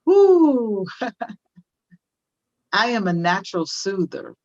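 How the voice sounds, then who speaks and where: A woman's voice: lowish voice, moderate pace, no room sound, lo-fi sound. An older woman speaking as a parenting guest on a video call, impassioned, repeating phrases for emphasis. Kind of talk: conversational interview, teaching.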